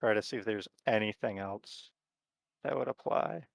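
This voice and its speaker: A man narrating as game master of a tabletop horror game, talking in a relaxed, rambling way with lots of fillers. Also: fairly low pitch, moderate pace, gravelly, dry recording.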